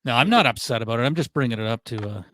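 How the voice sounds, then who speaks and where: A man's voice: medium pitch, expressive, rapid-fire, pushed and bright, no echo. A man hosting a casual comedy podcast, joking around and laughing often. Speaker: podcast host.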